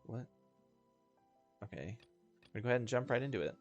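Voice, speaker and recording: A man's voice: mid-range voice, expressive, fast, creaky, dull audio. A man casually chatting and rambling while playing a game, laughing often and joking about himself. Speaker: gaming video host. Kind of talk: casual let's-play commentary. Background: faint game music.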